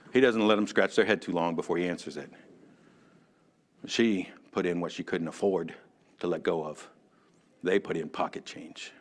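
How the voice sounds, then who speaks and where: Male Sunday school teacher, low voice, lively and conversational, addresses the class by name. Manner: animated, chatty, calls on class members by name. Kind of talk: conversational sermon. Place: church classroom.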